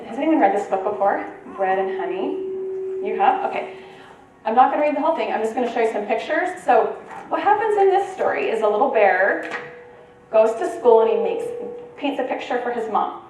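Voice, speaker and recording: Woman, conference presenter, informal talk, conversational, checks in with the audience, slightly high voice, very echoey room, distant mic. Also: lively intonation, a little fast, darkish tone, soft background music. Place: meeting room at a retreat. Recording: very echoey room, voice from far off, faint ambience.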